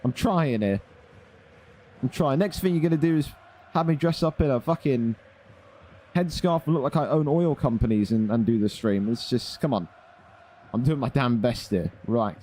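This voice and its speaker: Chatty streamer with a mellow voice. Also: male voice, medium pitch, moderate pace, pauses often. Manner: chatty, blunt, swears freely. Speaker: gaming league streamer and organiser. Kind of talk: casual live-stream talk.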